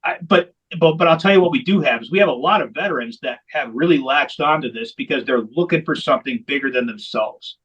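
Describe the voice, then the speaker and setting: A man's voice: medium pitch, a little fast, hardly any pauses, a bit bright, husky, lo-fi sound. A man who founded a veterans hockey program, telling its story in an interview with candid, emphatic repetition. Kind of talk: long-form interview storytelling.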